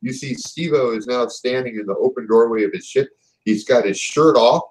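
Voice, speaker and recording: A man narrating a tabletop game as game master, telling the scene in a relaxed, casual way. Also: mid-range voice, moderate pace, a crowd in the background, poor audio. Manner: relaxed storytelling with casual fillers.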